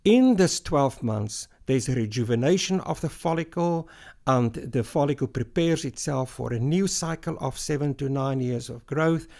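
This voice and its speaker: A man's voice: medium pitch, creaky, darkish tone. A middle-aged man, a hair loss doctor, explaining things step by step in a podcast interview and using everyday comparisons. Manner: measured, explains step by step with analogies.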